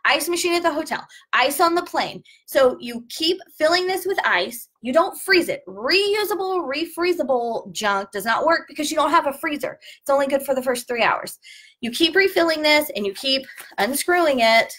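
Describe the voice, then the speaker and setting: A woman's voice: high voice, expressive, moderate pace, a bit bright. A woman, a former flight attendant chatting casually through an unboxing review and sharing travel tips. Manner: chatty, jokey, explains tips.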